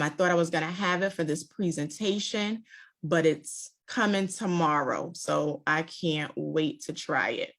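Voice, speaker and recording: A woman giving a relaxed, chatty wine presentation over a video call. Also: low voice. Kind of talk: virtual tasting presentation. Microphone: video call mic.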